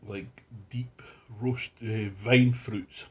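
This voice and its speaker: A man giving a casual, chatty beer tasting review at home, describing the beer in relaxed detail. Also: lowish voice, very slow, dull audio, slight background noise. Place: at home near his Christmas tree.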